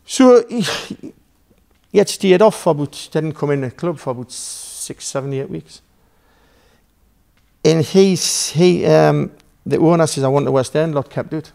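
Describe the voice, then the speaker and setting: Gravelly Geordie man telling stories. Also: fairly high pitch, measured pace, dark tone. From Newcastle, England. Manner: rambling, swearing, acts out dialogue. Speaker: podcast guest. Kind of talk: casual storytelling.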